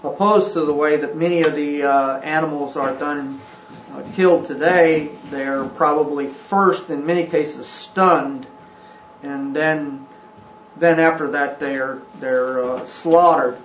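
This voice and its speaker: A man teaching a scripture class. He talks haltingly, with frequent ums and restarts. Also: on the high side, fairly even intonation, a little hiss or hum. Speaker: religious teacher. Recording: roomy, dull recording.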